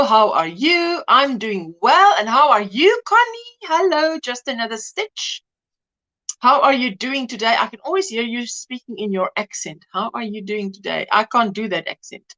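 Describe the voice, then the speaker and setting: A woman hosting a casual crafting livestream, chatting and greeting viewers one by one by name with quick asides. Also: a little high. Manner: animated, quick asides and laughs. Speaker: livestream host.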